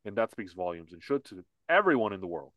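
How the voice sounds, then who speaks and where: A man's voice: fairly low pitch, big pitch swings, fast, no room sound, highs cut off. Heated man ranting on a podcast. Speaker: podcast co-host. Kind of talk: casual political podcast chat.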